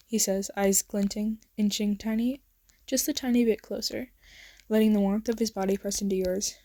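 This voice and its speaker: A young woman narrating a second-person romance story in a soft, intimate voice that slips into whispers. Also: mid-range voice, steady tone, moderate pace, no echo. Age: young adult. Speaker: fan fiction narrator.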